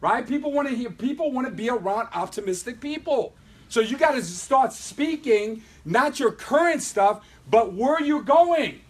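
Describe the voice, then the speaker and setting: A man with a high-pitched voice leads a motivational sales training in front of a live audience. He talks with lots of energy, pushing his points and checking in with "right?" again and again. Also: normal speed, rough recording. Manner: energetic, repeatedly asks "right?". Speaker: business trainer.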